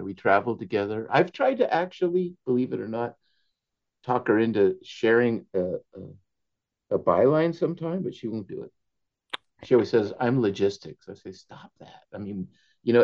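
Man telling lively stories, dull recording. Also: lowish voice. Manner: animated anecdotes, laughs often, slips in Spanish phrases. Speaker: author as interview guest. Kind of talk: storytelling in a conversational interview.

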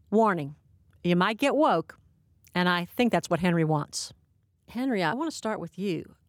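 A woman's voice: mid-range voice, dry recording, studio quality. A woman hosting a podcast, reading intros and asking interview questions in a friendly, conversational way. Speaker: podcast host.

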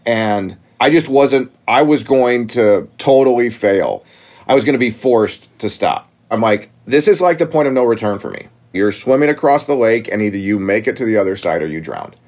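A gym owner, a man, telling a story in a casual interview, getting animated as he recounts the shock. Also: moderate pace. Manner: animated, rises high when retelling shock.

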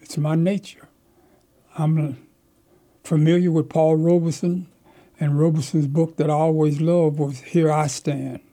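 An older man, a community elder, telling stories from his life in an animated, emphatic way as an interview guest. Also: on the high side, a little slow. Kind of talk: storytelling in conversation.

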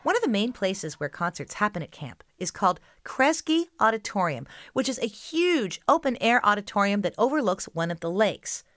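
A woman's voice: medium pitch, big pitch swings, normal speed, few pauses, fairly bright tone, no echo. A woman hosting a children's show, giving upbeat scripted narration and speaking straight to young listeners.

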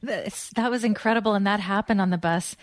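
A woman's voice: medium pitch, a little fast, no room sound, studio quality. A woman hosting an interview, reacting to stories and asking her guests follow-up questions. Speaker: interview host.

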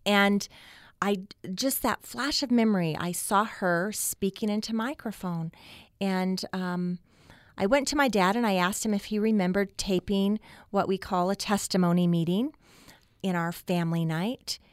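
A middle-aged woman telling a personal story as a radio guest, slow and reflective, with long pauses. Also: mid-range voice, smooth, dry recording, clean studio sound. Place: radio studio.

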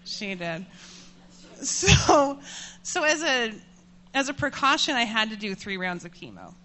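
A woman in her thirties telling a personal story to an audience, candid and self-mocking, laughing often and getting animated as she tells it. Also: a little high, unhurried. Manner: animated, voices rising when furious.

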